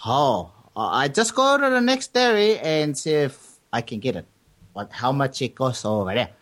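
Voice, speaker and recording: A man's voice: sing-song, fairly bright tone. A man voicing a timid shopper with broken English who haggles over a coconut price. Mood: polite haggling. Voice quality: squeaky, halting.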